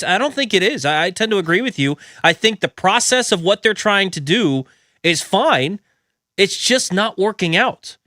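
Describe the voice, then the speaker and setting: Male radio co-host, fairly high, bright and forceful, dry booth sound. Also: lively intonation, moderate pace, no room sound. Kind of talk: sports talk radio. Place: radio studio.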